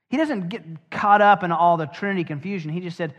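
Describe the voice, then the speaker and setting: Middle-aged male pastor, slightly higher voice, conversational sermon with dry jokes, long echo, muffled recording. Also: fast talker, hardly any pauses, a bit bright. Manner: conversational, asks the congregation direct questions; wry asides and humor. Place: church sanctuary. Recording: dull, long church reverb.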